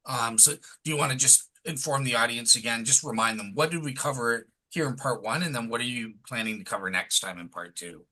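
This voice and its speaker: A man hosting a casual podcast chat, relaxed and informal. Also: medium pitch, fairly quick, hardly any pauses, rough recording. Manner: relaxed, casual fillers like "all right, cool". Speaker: host.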